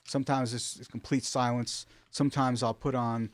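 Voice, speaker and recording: A man telling stories in a casual, animated way, with many fillers and restarts, recorded in a studio. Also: medium pitch, moderate pace, slight background noise. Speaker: rug artist guest. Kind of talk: casual storytelling.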